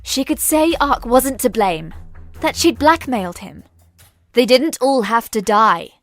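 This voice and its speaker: A woman narrating a sci-fi story in a measured, dramatic reading. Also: on the high side, lively intonation, soft background music. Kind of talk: scripted audiobook narration.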